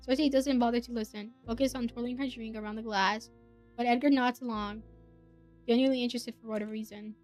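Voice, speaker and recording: A woman streamer reading a visual novel aloud, reacting with giggly, excitable asides. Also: fairly high pitch, fast talker, soft background music.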